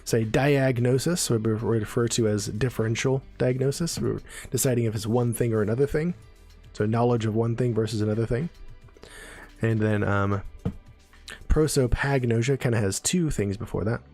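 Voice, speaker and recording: A man's voice: mid-range voice, moderate pace, darkish tone, faint music behind. A man giving a casual live-stream neuroscience lesson, explaining terms and checking in with viewers as he goes. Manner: chatty, explains terms with frequent "right?" and "okay?" check-ins.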